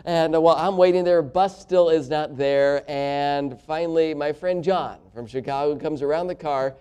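Warm-voiced preacher telling folksy stories. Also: male voice, fairly high pitch, normal speed, clean tone. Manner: folksy, chuckling storyteller with many fillers. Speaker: pastor. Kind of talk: sermon with personal storytelling.

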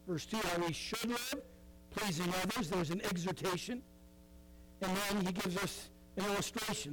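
High-voiced conversational male preacher. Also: rough recording. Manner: conversational preaching, many asides and fillers. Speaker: pastor. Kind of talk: sermon.

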